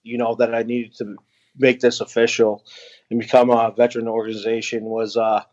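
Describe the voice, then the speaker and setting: A man, a veteran, telling a personal story as an interview guest, earnest and halting, with frequent pauses and restarts. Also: medium pitch, little pitch movement, darkish tone, lo-fi sound. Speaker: guest, veteran who runs an outdoor organization for veterans.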